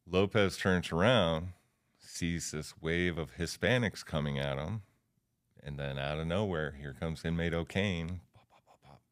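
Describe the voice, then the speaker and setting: A man in his fifties, a podcast guest, tells stories casually in a loose, slangy style packed with fillers. His voice is low, clean and unhurried.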